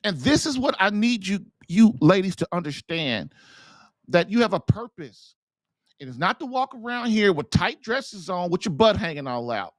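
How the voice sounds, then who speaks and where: A man's voice: sits high, big pitch swings, normal speed, dry recording, studio quality. A man hosting a podcast, delivering an impassioned religious monologue full of rhetorical questions and repeated phrases. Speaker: podcast host and marriage coach.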